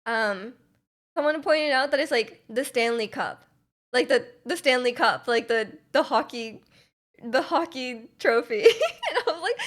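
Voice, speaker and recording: A woman's voice: a little high, normal speed, a bit bright. A young woman from Canada, a streamer chatting casually with her live chat, rambling with lots of restarts and fillers and laughing often.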